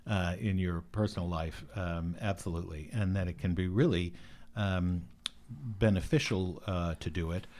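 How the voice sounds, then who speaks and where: A man's voice: low voice, fairly even intonation, normal speed, darkish tone. A man speaking as a podcast guest, thoughtful and hesitant, with many fillers and restarts. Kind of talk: conversational interview.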